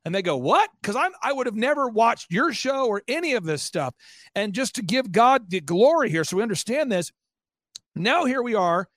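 A man telling an excited testimony as an interview guest, fast and intense, acting out quotes as he goes. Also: sits high, dry recording.

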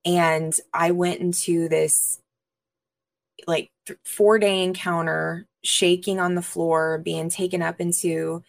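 A woman interview guest, a minister, earnestly telling her personal testimony with pauses and frequent fillers. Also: fairly low pitch, flat delivery, vocal fry, no echo.

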